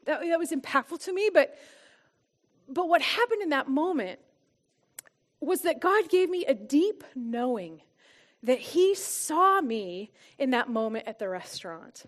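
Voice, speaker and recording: Sharing heartfelt testimony and teaching with a church small group, this high-voiced woman speaks earnestly, often dropping to a soft, quiet tone for emphasis.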